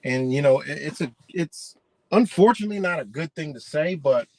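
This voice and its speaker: A man's voice: a little high, expressive, moderate pace, a little mellow, no echo, rough recording. A man ranting indignantly in a profane, rambling monologue.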